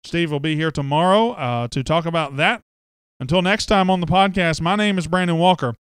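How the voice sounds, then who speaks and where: A man's voice: a little high, brisk, fairly bright tone, smooth, no room sound, clean studio sound. A man hosting a casual sports podcast, reading listener comments aloud with a joking, chatty manner. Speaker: podcast host.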